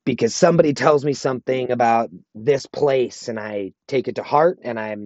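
A married adult man hosts a solo podcast monologue, speaking at a medium pitch and moderate pace with a darkish tone. The recording has no room sound and the highs are cut off. He talks earnestly and motivationally, repeating phrases for emphasis.

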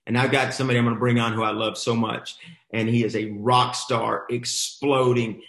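A man's voice: medium pitch, little pitch movement, normal speed, gravelly, a bit bright, roomy sound. A middle-aged man telling a motivational story as host of a coaching boot camp, emphatic and exhorting, repeating his phrases.

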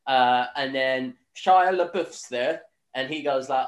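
A young Northern Irish podcast host recaps a film in casual chat, rambling with plenty of fillers, swearing and laughter. His voice sits at a medium pitch with fairly even intonation, and he speaks unhurriedly in an echoey room.

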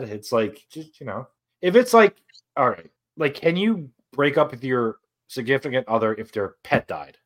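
A young man chatting casually on a podcast, spinning out what-if questions and stacking up "like" as he goes. His voice sits at an ordinary middle pitch, and he talks loosely with his co-host. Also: lively intonation, moderate pace, fairly bright tone. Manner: rambling hypotheticals, lots of "like". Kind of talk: casual chat.

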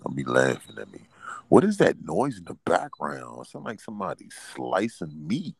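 A man's voice: deep voice, very animated, moderate pace, gravelly, slightly rough. A man hosting a casual live stream, loose and laughing as he coaxes callers to perform.

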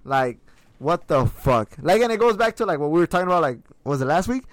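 A man's voice: a little high, very animated, fairly quick, dry recording. A young man in casual chat, slangy and profane, calling everyone "bro" as he rants.

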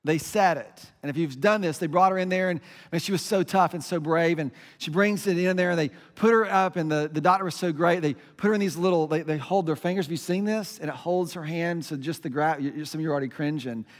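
A man's voice: on the high side, a little fast, big-room sound. A middle-aged man, a pastor, giving a conversational sermon with self-deprecating stories and lots of fillers.

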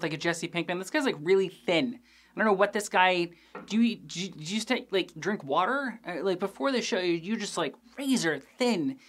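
Young man, podcast host, casual recap, animated, joking, crude asides, filler words. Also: high-pitched. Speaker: podcast host reviewing a TV episode.

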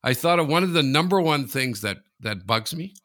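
A man co-hosting a casual podcast over a remote line, rambling through stories, often laughing and jumping up in pitch. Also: moderate pace. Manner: animated, laughing, rambling storyteller. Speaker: podcast co-host. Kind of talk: casual chat.

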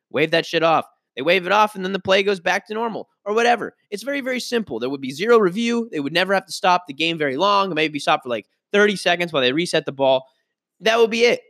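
A man hosts a solo sports podcast in a high, bright, forceful voice. He rants with frustrated emphasis and often stumbles and restarts mid-sentence. The sound is dry and close, with no room around it. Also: quick pace, no echo. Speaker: podcast host.

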